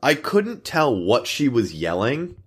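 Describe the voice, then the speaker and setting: A young podcast co-host spins long workplace stories in casual chat, peppering them with fillers and little acted-out quotes. His medium-pitched voice swings hugely in pitch, moves slowly, and carries a breathy edge.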